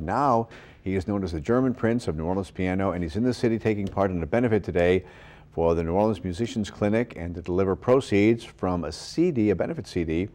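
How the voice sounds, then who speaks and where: A man's voice: low-pitched, a little mellow. A man anchoring a live morning news show, chatty and casual, tripping over words and laughing at himself.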